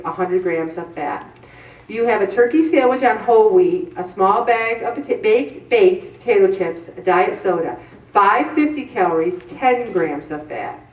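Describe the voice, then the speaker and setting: A middle-aged woman hosting a weight-loss show, giving chatty diet advice in an animated, exclamatory way and repeating words for emphasis. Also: medium pitch, distant mic. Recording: echoey room, voice from off mic.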